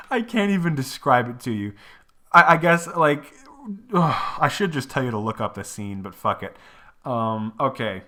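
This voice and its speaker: A man's voice: medium pitch, bright, forceful tone. A young man hosting a casual movie review, rambling and swearing, laughing often between his complaints. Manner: profane, rambling, laughs often, breaks into exaggerated impressions. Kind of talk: casual solo movie rant.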